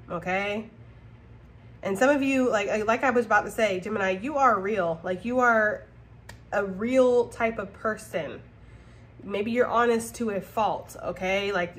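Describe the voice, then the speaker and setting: A woman with a fairly high voice gives a casual tarot reading straight to her viewers. She is blunt and swears freely. She laughs often and keeps checking in with "okay?". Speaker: tarot reader.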